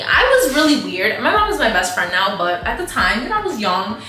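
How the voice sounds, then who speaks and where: A woman's voice: medium pitch, brisk, few pauses, echoey room, soft background music. A woman in her twenties, a vlogger telling a story in casual chat, acting out the people she quotes. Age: 20s. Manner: animated, acts out quotes, says like a lot.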